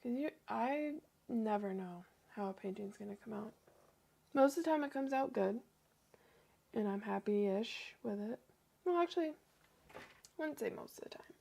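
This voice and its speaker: A young woman chatting casually on a livestream as she paints, self-deprecating and often dropping into soft near-whispers. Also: a little high, animated, moderate pace, vocal fry, long pauses. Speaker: art livestreamer.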